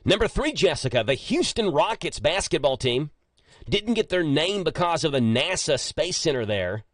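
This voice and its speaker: Lively joking radio host man. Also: fairly high pitch, normal speed, no echo, studio quality. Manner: chatty, joking, animated storyteller. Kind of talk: casual morning radio chat. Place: radio studio. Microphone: studio microphone.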